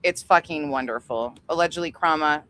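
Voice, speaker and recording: A woman with a somewhat low voice hosts a casual livestream. Her talk is loose and profane, and she laughs easily as she thanks members by name. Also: fairly bright tone. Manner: chatty, profane, quick to laugh. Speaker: livestream host.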